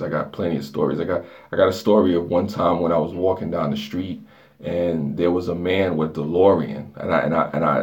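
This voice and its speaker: Deep gravelly man chatting on a live stream. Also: a little mellow. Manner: loose, rambling and joking, reading chat aloud. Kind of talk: casual live stream chat with viewers. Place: dark bathroom lit by a flashlight.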